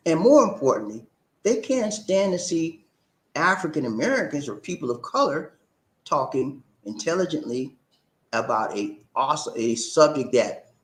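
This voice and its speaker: A man hosting a live-stream talk show, reading viewer comments and calling out shout-outs in an animated, preacher-like way. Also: a little high, normal speed, reverberant.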